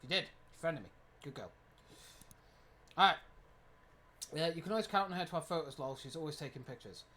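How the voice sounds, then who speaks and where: A streamer in their twenties, giving lively gameplay commentary, reading game text aloud and swearing often. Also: mid-range voice, fairly quick, slight background noise. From United Kingdom. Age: 20s.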